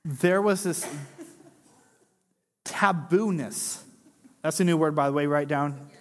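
Man, pastor, high voice, animated conversational sermon, jokes, long hall reverb. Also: takes it slowly. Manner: animated, conversational preaching with jokes and acted-out quotes.

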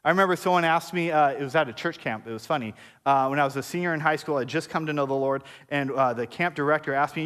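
A man's voice: on the high side, quick pace, a bit bright, smooth. A man preaching a sermon to his congregation in a conversational, joking style with playful asides. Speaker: pastor. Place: church service before a congregation.

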